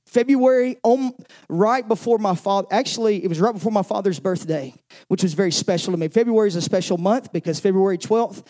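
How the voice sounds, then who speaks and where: A man's voice: high voice, darkish tone. A man preaching a sermon as pastor, openly emotional, often stumbling over and repeating words as he presses his point.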